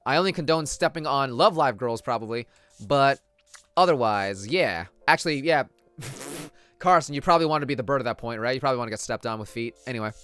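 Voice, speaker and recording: A young man live-streaming a game, rambling and cracking jokes to his chat. His voice is bright and forceful, with soft game music faint in the background. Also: mid-range voice, fairly quick, no echo. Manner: joking, rambling, reads game dialogue aloud. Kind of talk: casual live-stream commentary.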